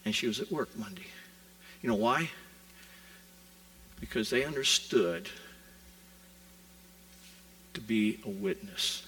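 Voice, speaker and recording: A man pastor preaching a sermon and telling a story with animated delivery, acting out the people in it. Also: mid-range voice, slow pace, creaky, long pauses, distant mic, poor audio. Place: church sanctuary.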